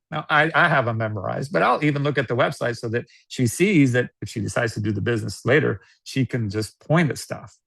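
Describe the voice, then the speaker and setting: An American man giving casual sales coaching, animated, laughing often and acting out customer dialogues. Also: mid-range voice, brisk, gravelly, slightly rough, no room sound. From United States. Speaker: network marketing guest.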